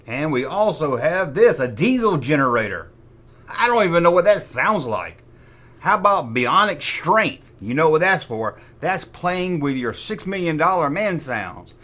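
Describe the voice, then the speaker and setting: A middle-aged man with a rather high, bright voice hosts a jokey toy review. He swoops up and down constantly, tosses off sarcastic asides and mimics sound effects himself. The tone is playful. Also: sing-song, normal speed, slight background noise. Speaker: toy collector host.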